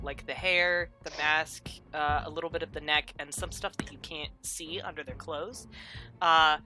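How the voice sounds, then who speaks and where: Low-voiced young woman game master. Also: sharp tone, poor audio. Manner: rambling, filler-heavy description with laughs. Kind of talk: narrating a tabletop game.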